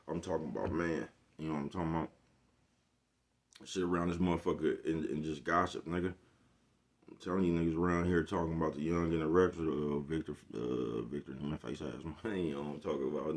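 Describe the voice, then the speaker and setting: A man with a deep, low-set voice talks straight to camera in a loose, rambling rant. He is blunt and heavy on profane slang, circling back again and again to ask if you follow him. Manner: rambling, keeps asking "you know what I'm talking about". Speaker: vlogger. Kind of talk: casual monologue rant.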